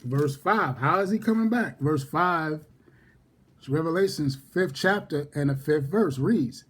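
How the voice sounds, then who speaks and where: A man with a husky, somewhat high voice leads a relaxed scripture study. He calls out each chapter and verse more than once, then reads the passage slowly and deliberately. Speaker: Bible study teacher.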